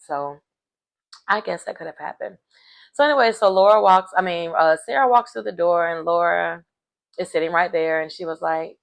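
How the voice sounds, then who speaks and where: Woman, casual recap commentator, chatty and animated, lots of fillers, gravelly fry, lowish voice. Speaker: reality show recap commentator.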